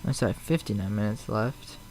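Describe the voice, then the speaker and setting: A man's voice: fairly low pitch, a little fast, a little mellow, faint music behind, poor audio. A man with a Chicago accent, chatting casually on a live flight-sim stream and answering viewers in a rambling, slightly defensive way. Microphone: streaming mic.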